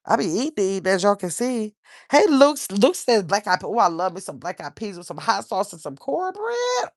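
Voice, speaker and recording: A woman's voice: medium pitch, big pitch swings, normal speed, no room sound, studio quality. Chatty woman hosting a livestream. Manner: chatty, rambling, reads viewer comments aloud. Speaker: livestream host. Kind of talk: casual livestream chat reading comments.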